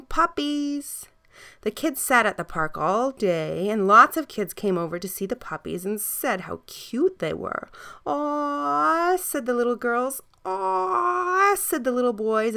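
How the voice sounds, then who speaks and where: Woman gently reading a children's story. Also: mid-range voice. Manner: gentle, soft storytelling, dropping to a hush at times.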